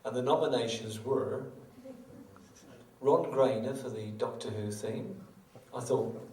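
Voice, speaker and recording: Between songs at a live show in a small venue, a middle-aged man who plays guitar tells wry, self-mocking stories. His mid-range voice is a little slow and a little mellow. It's recorded from a distance, echoing through the room with guitar audible.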